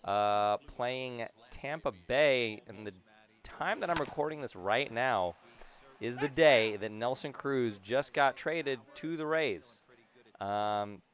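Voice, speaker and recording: A young man casually commentating his own video game play, rambling between topics and breaking into sudden loud cheers. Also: medium pitch, lively intonation, slow pace. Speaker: gaming YouTuber.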